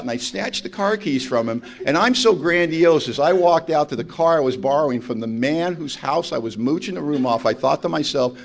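A man's voice: on the high side, expressive, moderate pace, vocal fry, hardly any pauses. A man speaking at a recovery meeting, telling his story in a blunt, emphatic and self-mocking way. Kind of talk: personal testimony talk.

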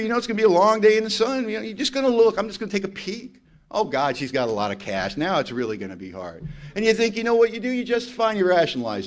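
A man sharing his recovery story at a meeting, blunt and confessional, telling it with animated storytelling and acting out the voices he quotes. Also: sits high, fast. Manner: blunt, confessional and self-mocking. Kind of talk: personal testimony talk to a recovery meeting.

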